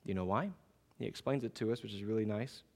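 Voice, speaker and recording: Man preaching in an echoing hall. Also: on the low side. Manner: measured preaching that builds to raised emphatic passages. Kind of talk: sermon. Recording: long reverb of a large hall.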